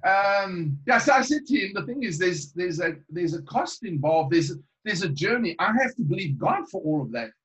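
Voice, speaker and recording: A man with a fairly high voice. He rambles through a casual chat, chuckling and restarting his sentences. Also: very animated, normal speed, few pauses, a bit bright, poor audio.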